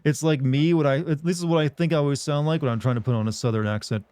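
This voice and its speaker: A man's voice: on the high side, steady tone, fast talker, darkish tone, smooth, dry recording. A man chatting casually with viewers while streaming a game, rambling, joking, and laughing often. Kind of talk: casual chat while playing.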